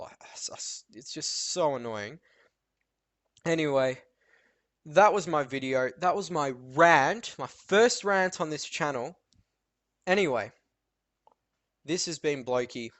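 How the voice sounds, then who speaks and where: Teenage boy ranting, slightly high voice. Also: no echo. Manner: animated storytelling, lots of fillers. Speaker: vlogger. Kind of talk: ranting monologue vlog.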